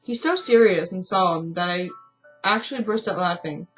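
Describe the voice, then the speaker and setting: A woman's voice: on the low side, moderate pace, faint music behind, poor audio. A woman streaming a story game, reading its narration aloud with casual, self-deprecating asides. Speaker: let's-play streamer.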